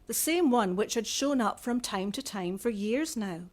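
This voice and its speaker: A woman author reading a young adult novel aloud in a measured, even storytelling manner. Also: on the high side.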